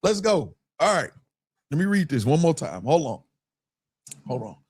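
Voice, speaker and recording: His husky voice runs on the high side at a normal speed. As a live stream host, he reads viewer super chats aloud, chatting loosely with plenty of slang in a relaxed drawl and repeatedly breaking into laughter.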